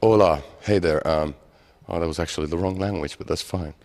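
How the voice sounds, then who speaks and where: A man with a Finnish accent, a rock singer, giving jokey, theatrical greetings to fans. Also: noisy background. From Finland. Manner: jokey, theatrical greetings, drawn-out deep delivery. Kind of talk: playful video greetings to fans.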